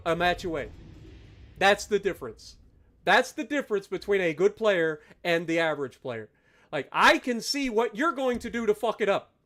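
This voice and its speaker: Loud, exasperated high-voiced male streamer. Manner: loud, exasperated ranting with sarcastic asides. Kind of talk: live gameplay commentary.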